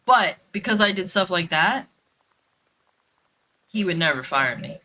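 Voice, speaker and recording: A woman's voice: fairly low pitch, expressive, unhurried, pushed and bright. A woman telling a story in a blunt, profane, casual way while streaming a game, with lots of fillers and repeats.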